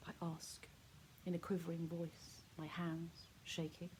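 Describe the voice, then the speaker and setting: Woman poet, unhurried, gentle and hushed, grieving recitation. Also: deep voice, little pitch movement, a little hiss or hum. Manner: soft, hushed, intimate delivery; heartfelt, grieving tone. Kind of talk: poetry recitation.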